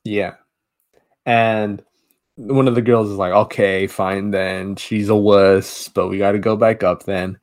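A man's voice: fairly low pitch, level tone, slow, darkish tone. A man co-hosting a podcast, casually retelling a horror film's plot with many restarts and asides. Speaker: podcast co-host. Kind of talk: casual movie review chat.

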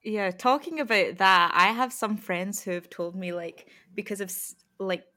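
A woman's voice: medium pitch, moderate pace, pushed and bright. A young woman with a Scottish accent hosting a casual podcast chat, asking questions and laughing easily. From Scotland. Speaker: podcast host.

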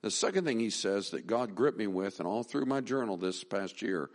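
A man's voice: fairly low pitch, expressive, moderate pace. A middle-aged man preaching a sermon as pastor, talking in a conversational, folksy way, with restarts and rising emphasis.

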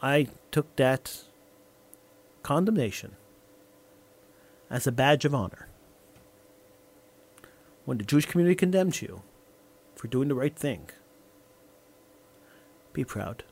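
A man's voice: medium pitch, animated, slow pace, long pauses, a little mellow, no room sound. A man hosting a radio talk show, telling a story in an impassioned monologue and repeating lines for emphasis into a studio microphone.

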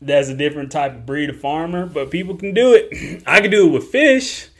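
A man's voice: fairly high pitch, animated, brisk. Laid-back joking podcast host, man. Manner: laid-back, joking, chuckles through lines. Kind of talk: casual solo podcast talk.

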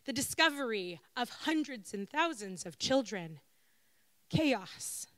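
A woman's voice: fairly high pitch, very animated, takes it slowly, a bit bright, dry recording. A woman giving an earnest, reflective sermon-style talk, building her points through repeated lists.

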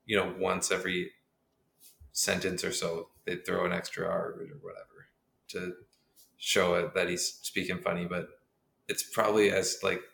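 A man who writes books, sharing his research in a relaxed, thoughtful way during a casual chat. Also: sits low, moderate pace, gravelly. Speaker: podcast co-host, author. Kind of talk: casual chat about writing. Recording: roomy with faint background noise.

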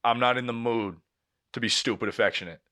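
Speaking at a fairly quick clip in a medium-pitched voice, this young podcast co-host spins a casual story. He curses freely and performs other people's lines with plenty of animation.

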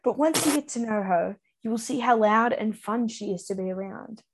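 A woman's voice: on the high side, moderate pace, background noise. A young woman co-hosting a podcast in casual, rambling, self-mocking chat. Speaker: podcast co-host.

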